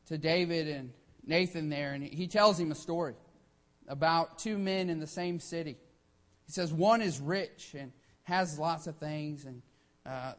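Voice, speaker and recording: A man preaching a sermon with emphatic delivery, often starting lines with "hey" and acting out quotes. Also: a little high.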